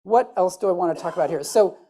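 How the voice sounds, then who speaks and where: On stage at a conference, a Midwestern woman with a regional American accent gives a chatty, joking talk full of self-deprecation. Her voice is fairly low, her pace quick, and her tone warm.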